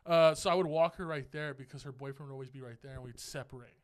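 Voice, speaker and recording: A young man co-hosting a podcast, telling a long story in a rambling, animated way and laughing as he goes. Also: mid-range voice, fast, clear, resonant tone. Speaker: podcast co-host. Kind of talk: casual storytelling.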